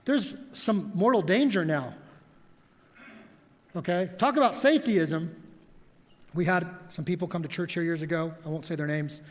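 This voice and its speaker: High-voiced male pastor preaching. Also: normal speed, pauses often. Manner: animated storytelling with props. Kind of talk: sermon. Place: church sanctuary. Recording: long reverb of a church hall.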